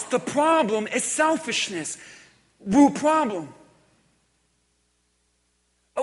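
A man preaching a sermon as pastor, emphatic and repetitive, swinging from loud declarations to quiet intensity, in a large church hall. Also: extremely high pitch. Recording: long hall reverb.

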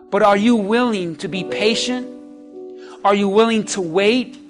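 A man's voice: high voice, a little slow, music in the background. A man preaching a sermon in a church with impassioned delivery that swells and drops. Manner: impassioned, rising and falling preaching. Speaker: pastor. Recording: instrument playing behind the preaching.

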